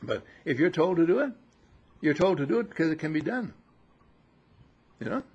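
A man's voice: a little high, big pitch swings, moderate pace, darkish tone, husky, muffled recording. A man giving a spiritual talk to his disciples, teasing and scolding them with mocking laughter. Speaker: spiritual teacher. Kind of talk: sermon to disciples.

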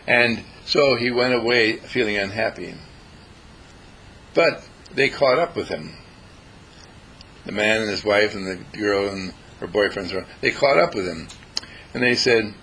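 A man's voice: on the low side, a little slow, long pauses, pushed and bright, slightly rough, poor audio. A man telling a story to an audience, emphatic and repetitive, speaking straight to his listeners. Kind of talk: storytelling talk.

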